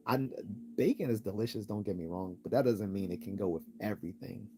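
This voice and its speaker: On a casual live-stream Q&A, a man whose voice sits on the low side reads out chat messages and answers them in a relaxed, fairly quick way. He laughs often, repeats words as he starts, and is losing his voice.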